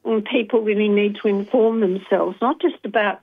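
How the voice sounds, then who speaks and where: A woman's voice: medium pitch, fairly even intonation, normal speed. An older woman calling in to a talkback radio show, thoughtful and hesitant, with frequent ums. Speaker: caller. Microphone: phone line. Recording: dull phone-line sound.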